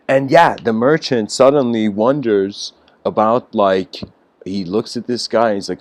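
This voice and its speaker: A man's voice: on the low side, takes it slowly. A man giving a casual storytelling lecture, rambling with lots of fillers and self-corrections.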